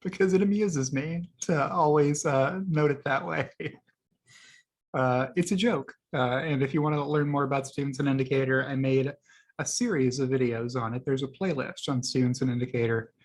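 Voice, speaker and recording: A man's voice: mid-range voice, steady tone, moderate pace. A man hosting his own video, casually talking through tweets he liked, rambling with many fillers and laughing at his own jokes. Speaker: video host.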